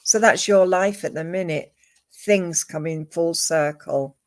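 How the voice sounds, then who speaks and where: A woman giving a live psychic reading, calm and measured, listing names and images one at a time. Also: lowish voice. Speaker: psychic medium.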